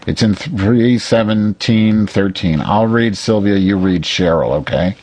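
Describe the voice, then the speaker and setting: A man's voice: on the low side, a little slow, a little mellow, no room sound. A man co-hosting a comedy podcast, bossy, impatient and teasing in crude bickering banter. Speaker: podcast co-host.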